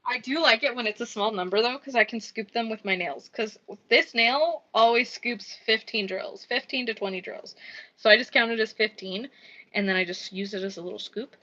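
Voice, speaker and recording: A slightly high-voiced woman rambles through a casual live-stream chat as she crafts, dropping swear words and quietly muttering numbers as she counts. The audio comes through dull and lo-fi. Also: normal speed. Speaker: livestreaming crafter.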